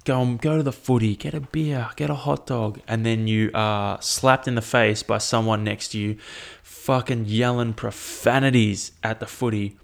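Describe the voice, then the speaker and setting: Gravelly, sweary Australian man. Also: medium pitch, fairly even intonation, moderate pace. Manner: swears a lot, rambling. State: tired, yawning. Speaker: podcast host. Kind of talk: casual solo podcast chat.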